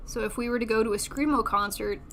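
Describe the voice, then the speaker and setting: A woman's voice: on the high side, steady tone, quick pace, fairly bright tone, a little hiss or hum. A young woman streamer chatting casually and self-deprecatingly while building a model kit, laughing often.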